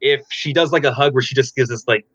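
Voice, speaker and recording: Bright-voiced man giving frank dating advice. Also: mid-range voice, fast, dry recording. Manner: frank, explanatory, many fillers and restarts. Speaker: dating coach guest. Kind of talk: casual interview answers. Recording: dull lo-fi dry audio.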